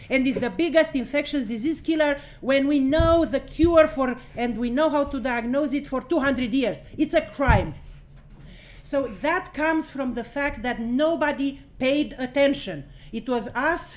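A woman giving an impassioned, blunt address at a press conference, swearing freely and laughing between her points. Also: high voice.

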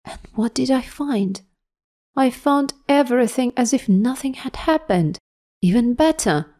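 A woman reading the lines of a tearful, tipsy working father, in a mellow everyday voice. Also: fairly high pitch, animated, measured pace, pitched above the performer's own voice. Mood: emotional. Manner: emotional, plain-spoken.

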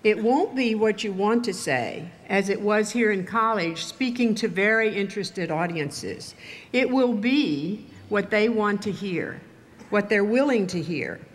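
An older woman from Texas giving a commencement speech, telling stories in a measured, wry way. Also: medium pitch, expressive. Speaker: commencement speaker. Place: ceremony venue with audience.

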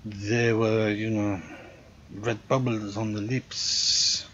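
A man's voice: lowish voice, little pitch movement, takes it slowly, fairly bright tone, lo-fi sound, slight background noise. A man voicing a fussy, proud male French hotel concierge in a put-on French accent, polite and theatrical, with a gleefully morbid edge. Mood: formal, theatrical.

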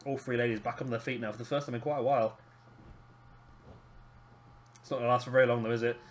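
A British man giving casual, excitable play-by-play commentary on a wrestling video game. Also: mid-range voice, quick pace, slight background noise. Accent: British English. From Britain. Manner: excitable, calls near-falls with rising energy.

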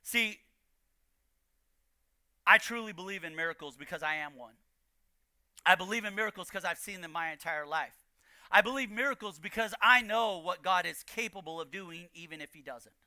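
High sharp-voiced pastor preaching, repeats lines, gets loud, dry sound. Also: male voice, no echo. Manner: preaching with rising, shouted emphasis and repeated lines. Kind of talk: sermon. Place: church.

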